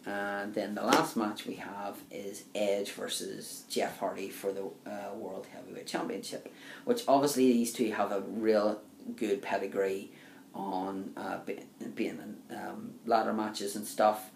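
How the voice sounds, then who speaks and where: A man's voice: lowish voice, flat delivery, measured pace, gravelly. A young man casually reviewing a wrestling event for his video channel, rambling with plenty of ums and uhs. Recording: echoey room, faint background hiss.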